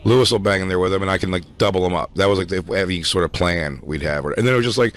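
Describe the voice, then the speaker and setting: Guy on a podcast, low voice, talks fast and rambly, swears a lot. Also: fairly bright tone, dry recording. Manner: rambling, restarts often, heavy swearing. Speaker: podcast host. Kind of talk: casual chat.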